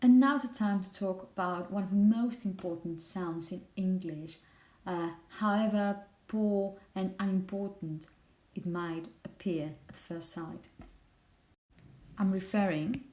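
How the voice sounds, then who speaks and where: A woman teaching a pronunciation class, calling on students and asking "okay?" often, and repeating words slowly. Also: medium pitch, mellow. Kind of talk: classroom phonetics lesson.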